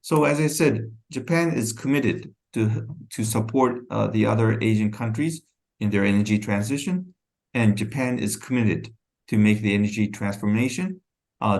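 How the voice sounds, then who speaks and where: A fairly low-voiced man presents government policy in a webinar. His delivery is halting, and he often breaks off words to restart them. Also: darkish tone.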